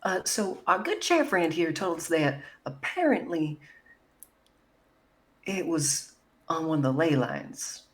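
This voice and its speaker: A woman's voice: deep voice, very animated, takes it slowly, pauses often. A woman playing a tabletop role-playing game, chatting casually, wry and thinking aloud, with some swearing. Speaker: player.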